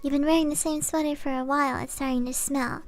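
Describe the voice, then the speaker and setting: A woman streamer chatting softly on a live stream, giggling often as she reads viewer messages aloud. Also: sits high, fairly even intonation, quick pace. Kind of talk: soft-spoken live stream chat.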